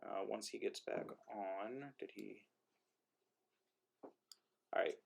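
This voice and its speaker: A man's voice: lowish voice, fairly even intonation, takes it slowly, creaky. A man, the playwright hosting an online play reading, chatting casually over a video call with lots of ums and self-deprecating laughs. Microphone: video call mic.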